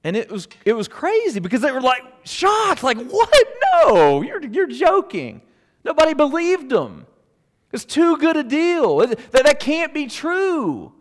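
A man preaching a sermon in a conversational, storytelling way, with loud emphatic peaks that drop to hushed near-whispers. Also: very high-pitched, huge pitch swings, normal speed, in a large hall. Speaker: pastor.

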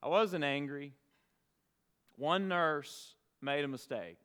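Pastor, male, smooth clear voice, earnest storytelling sermon with pauses, big reverberant room. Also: a little high, fairly bright tone. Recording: long reverb of a large hall.

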